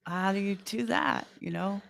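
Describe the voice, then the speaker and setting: A woman's voice: mid-range voice, a little slow, gravelly. Wry woman co-host. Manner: wry, animated storytelling. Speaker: podcast co-host. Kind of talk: casual chat.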